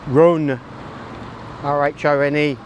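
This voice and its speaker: Speaking in a high voice at a measured pace, a male cycling vlogger narrates casually as he rides outdoors through countryside roads and city streets. His jokey, rambling commentary on the ride and route is self-mocking and addressed largely to himself, over faint traffic and outdoor noise.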